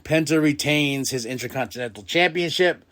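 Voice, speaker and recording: A man hosting a podcast, recapping a wrestling show in casual chat, excitable and animated as he retells his reactions. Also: on the high side, moderate pace. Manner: fillers and restarts. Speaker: podcast host.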